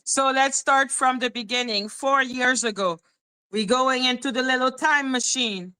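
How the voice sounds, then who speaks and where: A woman's voice: high-pitched, a little slow, sharp tone, smooth, poor audio. A woman hosting a gossip commentary channel, talking in a mocking, profane way. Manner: mocking, profane, sing-song impressions. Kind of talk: drama commentary.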